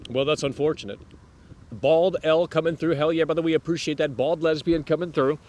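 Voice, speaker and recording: A man hosting a live stream, rambling to his chat with sudden loud bursts. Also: on the high side, fairly even intonation, fairly quick.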